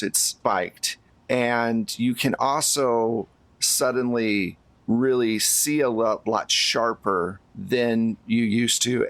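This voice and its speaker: A man as game master, narrating scenes in a measured, descriptive way. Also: lowish voice, dry recording.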